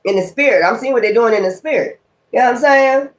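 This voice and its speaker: A woman's voice: a little high, quick pace. A woman tarot reader talking straight to her viewers in a blunt, heated rant full of cursing. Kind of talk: casual profane rant to viewers.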